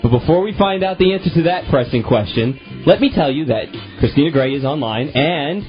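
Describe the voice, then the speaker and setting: A man's voice: on the high side, lively intonation, a little fast. A man hosting a talk radio show, bantering bluntly and joking with his co-hosts on a lo-fi AM broadcast. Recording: lo-fi AM radio broadcast with faint music.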